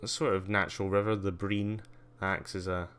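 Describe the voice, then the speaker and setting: A man's voice: low-pitched, flat delivery, moderate pace, fairly bright tone, slight background noise. A man giving a casual live-stream tour, rambling with lots of ums and uhs and wry asides. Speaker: livestreamer.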